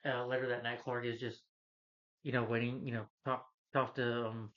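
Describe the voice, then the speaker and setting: A man's voice: mid-range voice, level tone, normal speed, fairly bright tone, highs cut off. A man casually retelling a film's plot in a rambling way as a movie reviewer. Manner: rambling, acts out quotes from the film.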